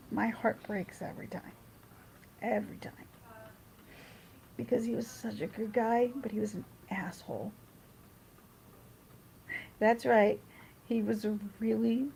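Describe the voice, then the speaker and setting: A woman's voice: mid-range voice, creaky, warm tone, a little hiss or hum, low-quality recording. A woman chatting casually on a livestream, reading her chat and rambling through personal stories with restarts.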